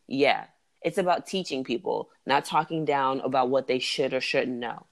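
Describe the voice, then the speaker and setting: A man in casual conversation, with a voice of middling pitch. He talks with blunt emphasis and swears freely. He keeps firmly agreeing with the other speaker. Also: normal speed, vocal fry.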